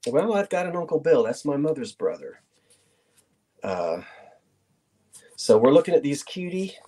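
A man's voice: a little high, big pitch swings, a little slow, warm tone, slightly rough. Chatty middle-aged male auction host. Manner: chatty, playful, reminiscing. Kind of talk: live online sale chat.

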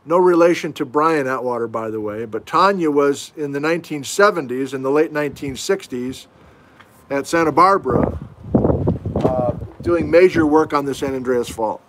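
A man's voice: fairly high pitch, normal speed, a little hiss or hum. A middle-aged man teaching geology in a casual livestream from home, answering viewer questions with folksy, self-deprecating asides. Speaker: geology instructor hosting a livestream. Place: at home, indoors.

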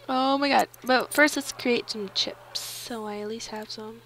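A woman giving casual, excitable commentary while playing a life-sim game, giggling and reading on-screen text aloud. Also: a little high, measured pace, few pauses, a little hiss or hum. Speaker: let's play gamer. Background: faint game music.

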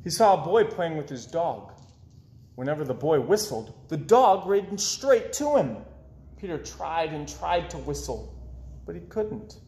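A man reading children's picture books aloud in an expressive storytelling voice. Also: fairly high pitch, unhurried, reverberant. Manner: expressive, with swoops up and down. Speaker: children's book reader.

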